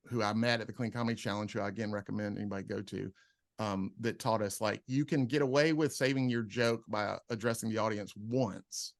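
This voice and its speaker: A comedian guest on a casual podcast tells stories with animated energy, acting out the people he quotes. His voice is fairly low, and the studio recording is clean with no echo.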